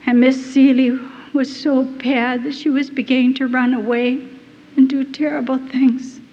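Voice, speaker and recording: A woman giving a personal testimony, telling her story in an earnest, halting and deeply moved way. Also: flat delivery, dark tone, husky. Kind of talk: emotional first-person storytelling. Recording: dull lo-fi recording in a reverberant hall.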